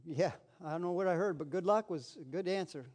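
A man preaching a sermon in a lively way, acting out little scenes in quoted voices. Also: sits high, a little fast, husky. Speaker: pastor.

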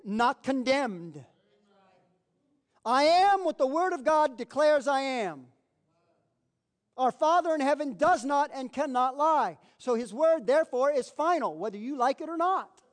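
A man preaching a sermon as pastor, folksy and emphatic, leading his congregation to repeat declarations after him. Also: extremely high pitch. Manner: leads congregation in call-and-response declarations.

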